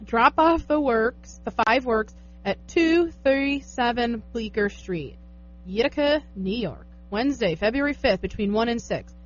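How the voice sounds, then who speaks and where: A woman's voice: on the high side, lively intonation, unhurried, soft background music. Chatty young woman co-hosting radio. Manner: chatty, laughs easily. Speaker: radio show co-host. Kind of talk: casual radio banter. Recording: dull lo-fi radio stream.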